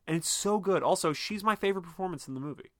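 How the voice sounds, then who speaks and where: A man's voice: high voice, quick pace, no echo, clean studio sound. A man co-hosting a podcast, talking casually and animatedly about a movie, swearing often and using lots of fillers. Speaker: podcast co-host. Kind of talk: casual film discussion.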